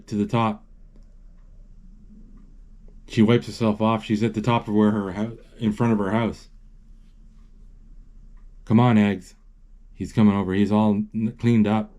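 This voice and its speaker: A man casually retelling a film as he watches it, halting often with restarts and fillers. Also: fairly low pitch, mellow, dull audio. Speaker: amateur narrator retelling a film.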